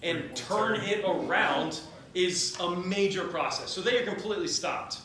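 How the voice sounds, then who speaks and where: A man with a bright, forceful voice tells a history story at a party, rambling and joking as he acts out the people in it. The room is very echoey, with faint noise behind him. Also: high-pitched, a little slow. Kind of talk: comedic drunk history retelling.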